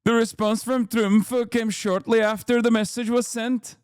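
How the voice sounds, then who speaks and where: A man putting on a Norwegian accent to voice a male prime minister, reading out a formal statement in a stiff, measured way. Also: very high-pitched, flat delivery, darkish tone, smooth, no room sound, studio quality. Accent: put-on Norwegian.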